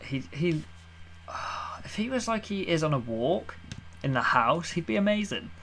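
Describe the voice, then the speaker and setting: A man's voice: fairly high pitch, big pitch swings, unhurried, a bit bright, slight background noise. A young man co-hosting a podcast, bantering casually and laughing at his own jokes. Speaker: podcast co-host. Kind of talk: casual chat.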